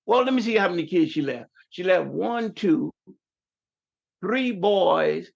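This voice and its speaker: The audio has its highs cut off, carrying a high, creaky male voice with lively intonation and an unhurried pace. A New Yorker in his fifties, he rambles through family stories as a podcast guest, often restarting in this casual chat.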